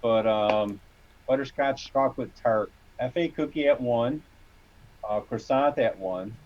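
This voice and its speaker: A man's voice: medium pitch, unhurried. Easygoing man in dull lo-fi audio. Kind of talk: casual livestream chat.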